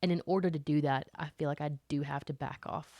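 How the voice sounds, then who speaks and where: A woman from Alabama with a Southern accent chats casually as a podcast co-host, animated and laughing often. Her voice sits a little low for a woman. The sound is dry and close, with no room echo. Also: quick pace. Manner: chatty, laughing, animated asides. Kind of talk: casual chat.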